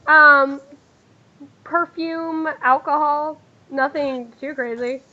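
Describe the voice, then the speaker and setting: A woman narrating a tabletop game as game master, talking in a halting way full of fillers. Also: sits high, steady tone, highs cut off.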